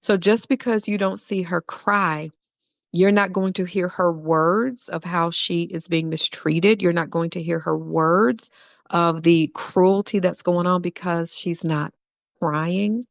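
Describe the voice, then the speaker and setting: A woman's voice: lowish voice, steady tone, slow pace, gravelly, dry recording, dull audio. A woman hosting a podcast, telling a personal story in an earnest way and repeating phrases for emphasis. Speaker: podcast host.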